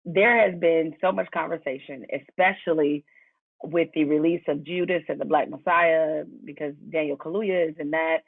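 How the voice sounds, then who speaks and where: A woman's voice: deep voice, fairly even intonation, moderate pace, gravelly, no echo. Woman, podcast host, laughs a lot, long winding questions, tinny phone-like audio, dry. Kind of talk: casual interview questions.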